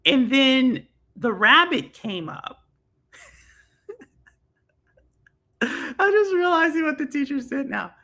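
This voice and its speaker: A woman's voice: sits high, animated, very slow, long pauses, bright, forceful tone. A young woman hosting a live stream, chatting casually with viewers, laughing often and filling her talk with fillers. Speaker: stream host reading chat.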